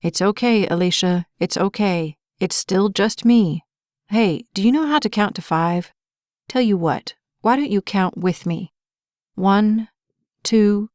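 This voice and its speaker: A woman reading an audiobook, voicing a calm young male firefighter who speaks gently and patiently to a trapped child. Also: medium pitch, measured pace, dry recording, studio quality, natural voice. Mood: soothing. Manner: soothing, patient, reassuring.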